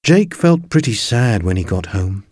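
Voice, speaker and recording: A man reading a children's story aloud in an expressive, playful way. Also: on the low side, unhurried, dry recording, studio quality. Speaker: narrator.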